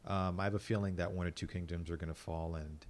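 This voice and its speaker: A man chatting casually on a podcast, animated, laughing easily and swearing casually. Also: low voice, fast. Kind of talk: casual chat.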